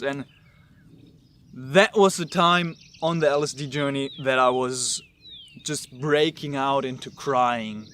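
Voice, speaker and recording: A man telling a personal story to camera, halting and earnest, repeating words as he searches for them. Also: mid-range voice, a bit bright. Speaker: vlogger.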